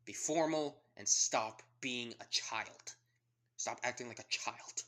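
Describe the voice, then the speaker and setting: A man's voice: medium pitch, slow, fairly bright tone. A man voicing a stern senior male hero who scolds firmly. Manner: firm and scolding.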